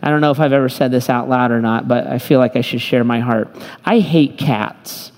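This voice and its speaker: A man's voice: medium pitch, normal speed, darkish tone, slight background noise. A man preaching a sermon as pastor, emphatic and joking as he tells stories to his congregation. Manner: humorous, emphatic storytelling preacher. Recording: long hall reverb.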